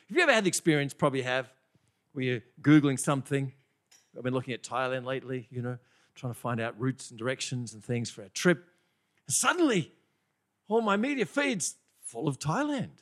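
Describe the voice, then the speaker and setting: A man preaching a sermon in a conversational, animated way, often asking the congregation questions. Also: mid-range voice.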